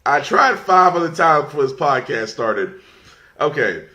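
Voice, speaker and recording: Man, casual podcast rant, rambling with restarts, lively swooping pitch. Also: normal speed. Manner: mocking, fights off laughter. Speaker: podcast host.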